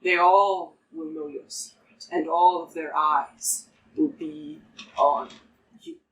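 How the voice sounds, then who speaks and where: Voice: mid-range voice, big pitch swings, slow pace, vocal fry, fairly bright tone, distant mic, full character voice. GM voicing a Russian-accented ex-enemy warrior, mock-friendly and menacing, heard from off-mic over light music. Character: scheming former enemy warrior, a man.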